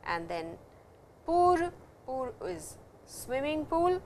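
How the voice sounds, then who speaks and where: Woman, Indian English accent, middle-aged, lecture style, patient explaining, higher voice. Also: big pitch swings, slight background noise. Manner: patient, explanatory, repeats terms slowly. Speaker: Japanese language teacher. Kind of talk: classroom lecture.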